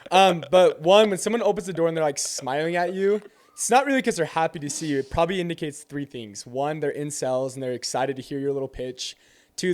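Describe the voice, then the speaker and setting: A young man with a fairly high voice recounts a door-to-door sales encounter in casual chat. He acts out both sides of the exchange with lively, slangy delivery. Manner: animated storyteller acting out both sides of a conversation.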